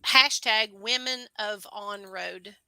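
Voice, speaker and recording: A woman's voice: mid-range voice, takes it slowly, creaky, sharp tone, rough recording. A woman co-hosting a casual live stream, teasing her partner and laughing often.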